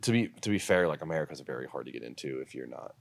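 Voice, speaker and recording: A young man, a podcast guest, telling stories in casual chat, animated and laughing often, swearing freely. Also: extremely low pitch, racing, creaky, dry recording. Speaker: podcast guest, car builder and drifter.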